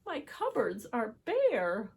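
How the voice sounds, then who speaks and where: A woman's voice: on the high side, wildly swooping pitch, slow pace, creaky, a little hiss or hum, full character voice. A woman voicing a lonely, humble male bear in a picture book read aloud, sighing and sorrowful. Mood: humble, sad. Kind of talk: storybook reading.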